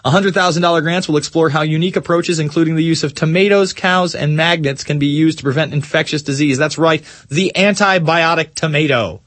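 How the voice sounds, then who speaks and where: A man hosting a talk radio show, ranting sarcastically about the news and mocking it, slowing down to stress points and then rushing on. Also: fairly high pitch, fairly bright tone, dry recording. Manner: sarcastic, mocking, swings between slow emphasis and quick rants. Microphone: studio microphone.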